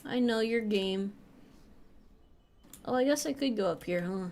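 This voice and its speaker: A woman's voice: medium pitch, measured pace, darkish tone. A young woman streaming a game, chatting casually with a playful, joking manner and casual swearing. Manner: playful, jokey, swears casually while playing.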